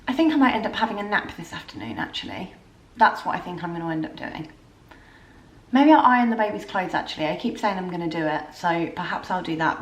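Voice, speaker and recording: A woman with a British accent chatting casually to camera at home in a rambling, waffling way. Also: mid-range voice. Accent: British English. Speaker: lifestyle vlogger. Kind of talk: casual vlog chat to camera. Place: at home, indoors.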